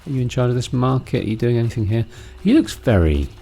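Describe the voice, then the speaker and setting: A man's voice: medium pitch, sing-song, fast talker, creaky, warm tone. A man hosting a let's play, chatting casually and musing aloud about what he sees in a game. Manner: musing, chatty, with fillers and restarts. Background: game music.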